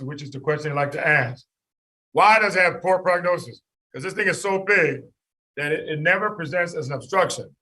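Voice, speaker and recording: Husky, animated male medical lecturer. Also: on the high side. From United States. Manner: animated, quizzing students by name, jokey. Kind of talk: classroom lecture.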